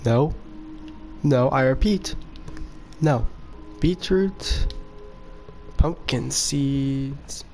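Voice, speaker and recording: Man swearing through slow game commentary. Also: medium pitch, vocal fry, music in the background. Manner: excitable, cursing outbursts. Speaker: gaming video creator. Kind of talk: casual gameplay commentary.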